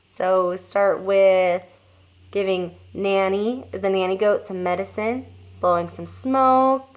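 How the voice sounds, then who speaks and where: A teacher reading a children's book aloud to young pupils, pausing to show the pictures. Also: female voice, medium pitch. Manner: expressive, showing pictures as she reads.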